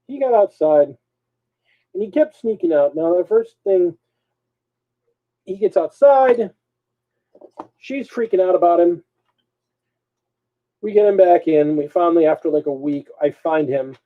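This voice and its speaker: A man co-hosting a live show, telling a story in a casual, animated way. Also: sits high, measured pace, pauses often, narrow, tinny audio. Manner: animated, swings between mutters and loud bursts. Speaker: co-host.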